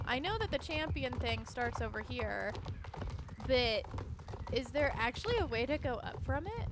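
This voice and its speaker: A woman's voice: on the high side, background noise. Chatty woman streaming a game. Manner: rambling and chatty, many "like" fillers. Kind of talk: casual gameplay commentary.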